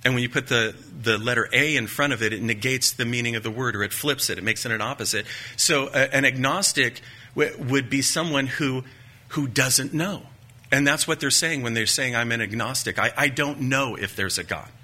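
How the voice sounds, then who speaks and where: Emphatic preacher with a husky edge. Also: male voice, medium pitch, pushed and bright. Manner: measured, emphatic delivery with rhetorical questions; folksy asides and light joking. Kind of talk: sermon teaching.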